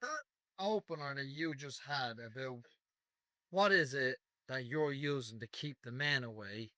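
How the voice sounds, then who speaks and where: A man's voice: medium pitch, measured pace, sharp tone, no room sound, studio quality. A man attending a seminar, earnestly checking his understanding with the teacher. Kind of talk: asking a question in class.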